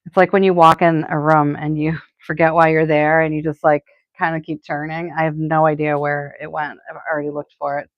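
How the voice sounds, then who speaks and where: This florist, a middle-aged woman with a Boston accent, keeps up casual, filler-heavy rambling while running a live crafting stream. Her low voice barely moves in pitch and goes fairly quickly. The audio has no echo and sounds dull.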